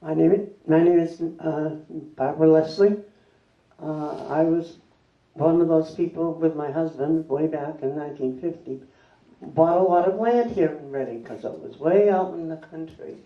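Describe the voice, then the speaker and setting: An older woman, a retired third-grade teacher, recalling her school days in a plain, unhurried way. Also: low voice. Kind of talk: reminiscing talk at a public event. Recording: distant, roomy and slightly dull.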